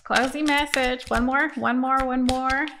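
A woman's voice: high voice, steady tone, unhurried, noisy background. Young adult woman, casual tarot reader, chatty, loose delivery with restarts and fillers. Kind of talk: casual tarot reading to camera.

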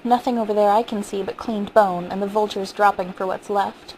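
A woman narrating gives voice to a steady, reassuring husband in a storybook reading. His lines stay level and gently amused, and a faint background hiss sits under the recording. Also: medium pitch, fairly quick, natural voice, poor audio. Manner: calm, reassuring, gently teasing. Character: weary amused husband, a man in his prime. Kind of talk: audiobook reading.

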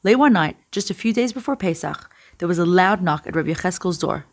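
A woman reading a story aloud for children, with a gentle, expressive storybook delivery. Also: lowish voice, brisk.

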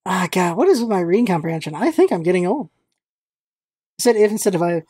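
A woman's voice: fairly low pitch, expressive, fast, long pauses, mellow, slightly rough, dry recording, clean studio sound. Chatty woman narrating a game. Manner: chatty, jokey, laughs at herself. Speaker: let's-play host reading game dialogue. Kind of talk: casual gameplay commentary.

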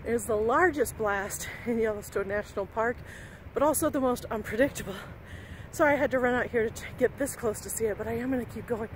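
A woman's voice: fairly high pitch, fairly quick, low-quality recording. A woman from Arizona narrating her RV travel vlog in a casual, enthusiastic, chatty way, talking straight to her viewers. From Arizona, USA. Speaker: RV travel vlogger. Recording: loud vehicle and outdoor noise behind voice.

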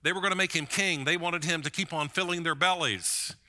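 A man's voice: on the high side, fairly quick, pushed and bright. A man preaching a sermon as pastor, in a conversational way, often repeating a word as he starts a thought.

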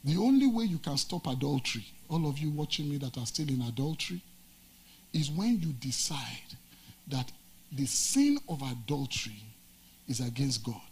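A male pastor preaching a sermon, from Nigeria, with dramatic swings between loud emphatic lines and low quiet ones. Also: very animated, normal speed, slightly rough.

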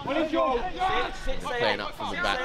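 A young man giving excitable, partisan commentary on his club's match outdoors. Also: extremely high pitch, extremely slow. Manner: excitable, partisan, casual slang. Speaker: club commentator. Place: outdoors at a football pitch. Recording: loud crowd around the mic. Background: crowd noise.

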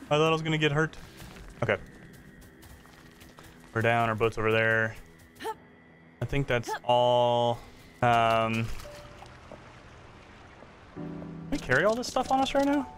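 A man giving casual let's-play commentary while gaming, chatty and excitable, reacting out loud to the game. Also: medium pitch, unhurried, pauses often, soft background music. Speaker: gaming streamer.

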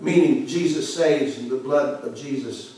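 A man who is a pastor preaching an emphatic, fiery sermon, pushing hard on some words and dropping low on others. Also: unhurried. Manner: emphatic, forceful preaching with sudden drops in volume. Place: church sanctuary. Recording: echoey church hall from far off.

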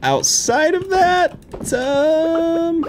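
A man's voice: extremely high pitch, very slow, noisy background. A man giving live let's-play commentary, playful and full of silly sound-effect noises while he chats to the game characters. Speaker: gaming video creator. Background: game background music.

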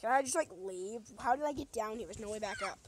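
A woman's voice: a little high, animated, fast, very noisy. A young woman casually commenting as she plays a video game, joking with the enemies and shrieking when things go wrong. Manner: goofy, talks to the game, shrieks when in danger. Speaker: gamer. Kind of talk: casual let's play commentary.

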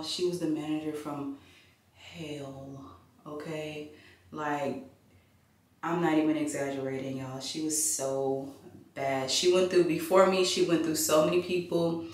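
A woman's voice: low voice, steady tone, a little slow. A woman, chatting casually to her viewers in a vlog while doing her makeup at home. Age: 30s. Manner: chatty, confiding, addresses viewers as y'all. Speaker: vlogger. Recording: very echoey room, voice off-mic.

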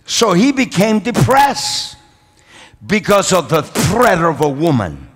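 A man's voice: high-pitched, big pitch swings, takes it slowly, fairly bright tone, breathy edge. A man preaching a sermon as pastor, emphatic, repeating key lines and calling for amens. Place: large church hall. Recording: long reverb of a church hall.

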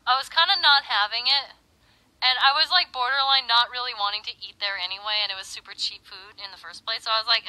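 A young woman telling an animated, exaggerated story in a casual way as a livestreamer. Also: fairly high pitch, brisk, smooth, no echo, low-quality recording.

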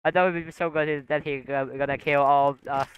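A man's voice: fairly high pitch, steady tone, a little fast, lo-fi sound, a little hiss or hum. A young man giving casual gameplay commentary, rambling with lots of fillers, taunting opponents and yelping when hit. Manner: rambling, filler-heavy trash talk with sudden yelps. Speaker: gamer.

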